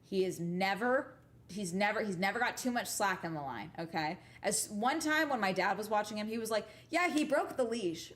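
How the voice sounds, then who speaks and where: A woman's voice: medium pitch, lively intonation, normal speed, fairly bright tone. A woman livestreaming from home, telling rambling stories to her chat in a casual, profane, emphatic way and tagging sentences with "okay?". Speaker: livestream host chatting with viewers.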